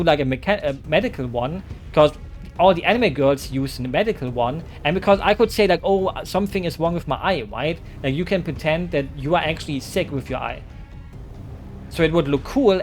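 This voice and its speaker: Rambling, jokey young-sounding man streamer. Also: on the high side. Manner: rambling, joking, many fillers. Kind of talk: casual chat with stream chat.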